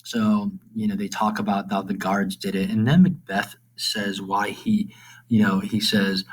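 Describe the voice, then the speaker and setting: A male teacher talks through a summary in a loose, meandering way, peppering it with fillers and asides. His voice sits a little low, and the delivery feels unscripted and conversational. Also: measured pace, poor audio. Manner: rambling, with many fillers and asides. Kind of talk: casual lesson summary.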